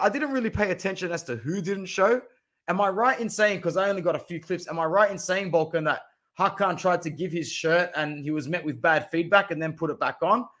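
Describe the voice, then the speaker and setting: A young Australian man from Southwest Sydney, ranting in casual live-stream chat as a football fan streamer, swearing and saying bro. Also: sits high. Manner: animated, swearing, ranting, calls viewers bro.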